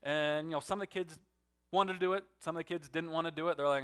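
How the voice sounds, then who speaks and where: A man preaching a sermon as pastor, telling a story and swinging between loud emphatic lines and hushed, soft ones. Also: a little high, fairly even intonation, fast talker, clear, resonant tone.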